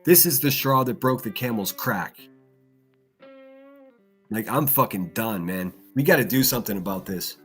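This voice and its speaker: A man's voice: fairly low pitch, lively intonation, moderate pace, long pauses, fairly bright tone, faint music behind. A man hosting a livestream, ranting angrily with lots of swearing and repeated phrases. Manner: heated, profane, repeats himself. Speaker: livestream host. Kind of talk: angry ranting commentary.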